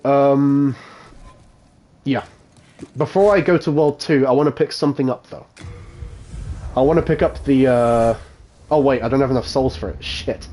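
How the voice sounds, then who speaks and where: A man's voice: mid-range voice, normal speed, pauses often, mellow. A man chatting casually while live-streaming a game, laughing often and swearing offhandedly. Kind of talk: casual live gameplay commentary.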